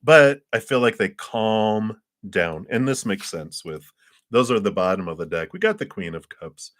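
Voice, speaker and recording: A man's voice: lowish voice, very animated, moderate pace, a bit bright. A man giving tarot readings on a live stream, chatty and thinking aloud, laughing often between thoughts. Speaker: tarot reader.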